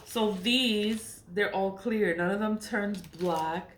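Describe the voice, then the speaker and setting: A woman's voice: medium pitch, slow. A middle-aged woman talking casually to her camera, blunt and profane, laughing often. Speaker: spiritual vlogger. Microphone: camera mic. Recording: echoey room with faint noise.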